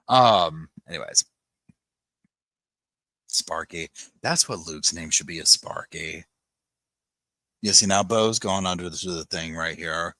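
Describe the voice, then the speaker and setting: A man's voice: low voice, slow, long pauses, pushed and bright, no room sound. A man hosting a casual live-stream chat from home, greeting viewers by name and rambling along with plenty of "like" fillers. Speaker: podcast host. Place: home, on a sofa with dogs nearby.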